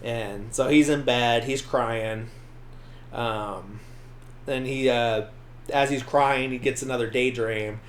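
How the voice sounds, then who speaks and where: A man's voice: mid-range voice, steady tone, slow, slight background noise. A man hosting a podcast, casually retelling a movie scene by scene in a rambling way, full of fillers. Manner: rambling, filler-heavy retelling with acted-out quotes. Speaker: podcast host. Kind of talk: casual movie recap chat.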